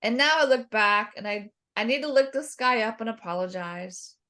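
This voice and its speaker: A middle-aged woman with a slightly high voice tells her own story as a podcast guest. She is animated and self-deprecating, and she briefly acts out the people she quotes. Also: normal speed. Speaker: guest dietitian.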